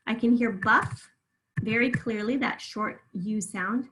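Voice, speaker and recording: A woman teaching a remote phonics lesson, patiently drawing words out slowly so listeners can hear each sound. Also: on the high side, a bit bright, low-quality recording.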